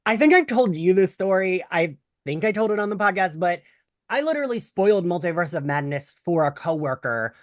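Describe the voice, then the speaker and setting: A man hosting a video podcast, chatting loosely and excitably about a show. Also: high-pitched, brisk, no echo, studio quality. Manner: loose, excitable, swears casually. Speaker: podcast host. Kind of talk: casual pop-culture chat. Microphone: close mic on camera, dry.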